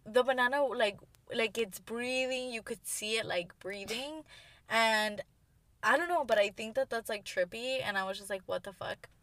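A woman's voice: on the high side, moderate pace, no echo. A young woman co-hosting a podcast, talking casually and rambling with many fillers. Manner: rambling, animated, lots of "like" and laughter. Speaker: podcast co-host. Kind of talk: casual chat.

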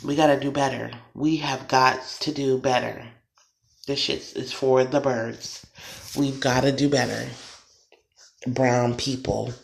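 Solo podcaster venting; gravelly, heated and repetitive delivery, recorded in an echoey room. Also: mid-range voice, steady tone, a little slow. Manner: emphatic, repetitive, swearing. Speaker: podcast host. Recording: roomy echo.

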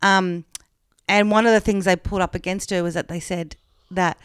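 Frank, chatty Australian woman co-host; smooth voice, dry close sound. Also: on the low side, steady tone, moderate pace, no room sound. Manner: chatty, frank, swears, many fillers. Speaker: podcast co-host. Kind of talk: casual chat, retelling a true-crime story.

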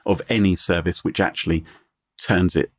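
A man co-hosting a podcast, chatting casually in a wry, joking way with quick asides. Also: low voice, steady tone, no echo, studio quality. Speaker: guest co-host.

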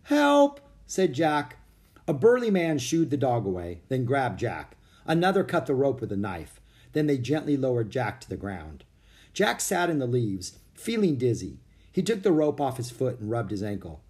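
Male children's audiobook narrator, animated pitch, character voices. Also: moderate pace. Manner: expressive, voices each character.

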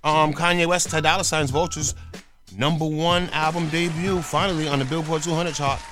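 High-voiced man radio host, music underneath. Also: fairly even intonation, normal speed. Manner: casual, reads items then riffs. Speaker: radio host reading headlines. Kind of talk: casual radio news roundup.

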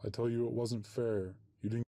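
A man's voice: mid-range voice, little pitch movement, moderate pace, dark tone, dry recording. A man reading a short story aloud, voicing every character in the same plain way. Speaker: narrator.

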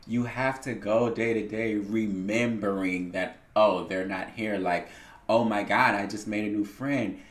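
A man's voice: fairly low pitch, fairly even intonation, a little slow. A man hosting a casual solo podcast, speaking in a candid, reflective way with a lot of swearing. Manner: candid and heavily profane, reflective. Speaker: podcast host. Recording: roomy echo.

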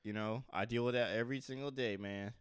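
A man's voice: mid-range voice, fairly even intonation, fast talker, clean tone, no echo, clean studio sound. A man in casual chat as a podcast co-host, rambling and joking, often laughing.

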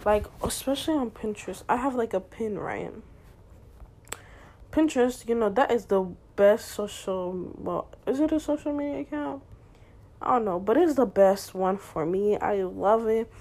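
A woman's voice: medium pitch, normal speed, darkish tone. Slangy chatty teenage girl. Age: teens. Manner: slangy, candid, chatty with many fillers. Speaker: podcast host. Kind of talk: casual solo podcast chat.

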